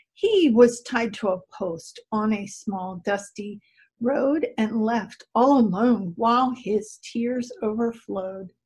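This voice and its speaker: A woman reading a rhyming story aloud at a church service, slow and expressive. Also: fairly high pitch, husky, low-quality recording.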